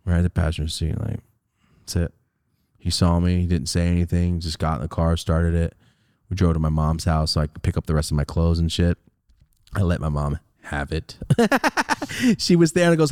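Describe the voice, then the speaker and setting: A young man hosting a podcast, telling a personal story in casual chat, animated, jumping from loud high bursts to low mutters. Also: moderate pace, dry recording, clean studio sound. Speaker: podcast host.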